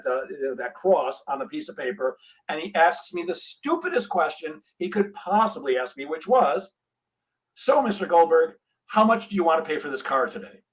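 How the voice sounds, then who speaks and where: A middle-aged man tells a story with energy and acts out each voice. His pitch sits a little high for a man. He is a sales trainer talking as a guest on a podcast. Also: normal speed, rough recording. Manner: animated storyteller, acts out dialogue.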